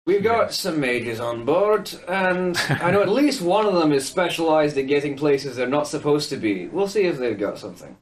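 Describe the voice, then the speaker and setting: A man's voice: on the high side, lively intonation, normal speed, hardly any pauses, slight background noise. A man with a Scottish accent, a player in a tabletop role-playing game, joking and laughing. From Scotland. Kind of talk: casual tabletop role-play.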